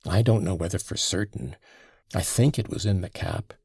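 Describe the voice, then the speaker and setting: A man reading an audiobook, voicing an agitated young former soldier under questioning who turns defensive and bursts out loudly. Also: sits low, moderate pace, gravelly, husky, dry recording, studio quality, heavily acted. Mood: evasive. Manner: defensive, flaring into loud outbursts.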